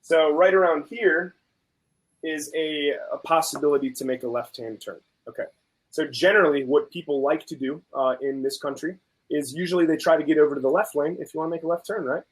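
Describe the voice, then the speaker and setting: A man on a video call tells a personal story in casual chat. His voice sits slightly high, and he moves back and forth between his own lines and the voices of the people he is quoting, with plenty of animation. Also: brisk, rough recording. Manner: animated storytelling, acts out both sides of a dispute.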